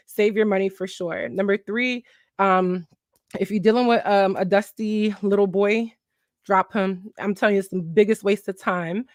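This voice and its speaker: A woman's voice: medium pitch, no echo, clean studio sound. Chatty young woman giving frank advice. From Philadelphia, USA. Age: 20s. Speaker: vlogger. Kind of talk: casual advice chat.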